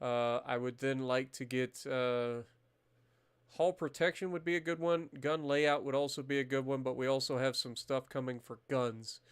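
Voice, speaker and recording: A man streaming a naval strategy game, commenting casually, swearing freely and bursting into loud disbelief at the battle results. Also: mid-range voice, normal speed, clear, resonant tone. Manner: muttering calmly while managing menus.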